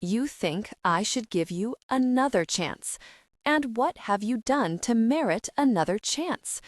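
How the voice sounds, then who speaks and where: A woman's voice: a little high, animated, measured pace, no echo, clean studio sound, pitched above the performer's own voice. A woman voicing a sarcastic, clipped male bank manager in an audiobook. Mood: cold, sarcastic. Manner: scathing, clipped.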